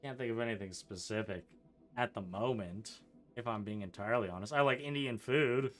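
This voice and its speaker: A man's voice: fairly low pitch, fairly quick. A young man from Canada chatting casually over gameplay, answering chat in a rambling way with lots of likes and ums and frequent chuckles. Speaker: streamer.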